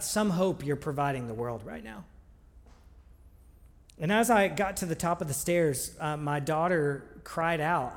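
A man preaching a sermon in a conversational, earnest way, with frequent restarts. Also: on the high side. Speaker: pastor. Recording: long reverb of a large hall.

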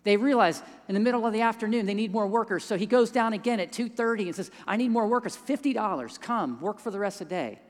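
A man telling a story in a sermon, dropping to hushed tones in quiet moments and rising when he stresses a point. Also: sits high, fast talker, few pauses. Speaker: pastor. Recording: long hall reverb.

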